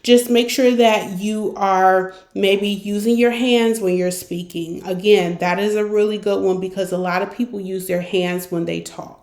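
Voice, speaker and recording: A woman's voice: mid-range voice, fairly even intonation, unhurried, few pauses, a little mellow. A woman hosting a podcast, coaching listeners in a direct, encouraging way and acting out examples. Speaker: podcast host and consultant. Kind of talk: coaching monologue. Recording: roomy echo.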